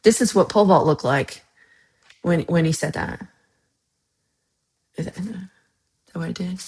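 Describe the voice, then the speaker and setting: Woman from Texas, livestream host, casual chat with viewers, teasing and playfully outraged, lowish voice. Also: unhurried, darkish tone.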